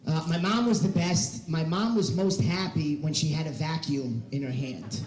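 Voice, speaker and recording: A man in his forties hosting a stand-up comedy show, excitable and hyping the crowd. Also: a little high, moderate pace. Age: 40s. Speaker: comedy show producer and host. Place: comedy club stage. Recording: echoey club room with crowd. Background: audience.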